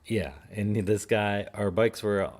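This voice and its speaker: A man's voice: lowish voice, fairly even intonation, slow, darkish tone. A man in casual chat, telling a laid-back story and laughing often.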